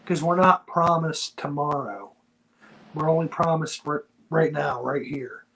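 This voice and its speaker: A man's voice: a little high, unhurried, gravelly, fairly bright tone, rough recording. A man co-hosting a wrestling review podcast, talking in an earnest, heartfelt, slangy casual chat. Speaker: wrestling show co-host.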